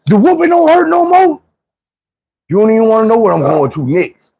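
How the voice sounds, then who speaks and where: Guy imitating his furious mama, yelling high and husky, done with these kids. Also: huge pitch swings, fairly quick, no room sound, exaggerated voice. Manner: shouting, cursing, threatening. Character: fed-up furious mother, middle-aged woman.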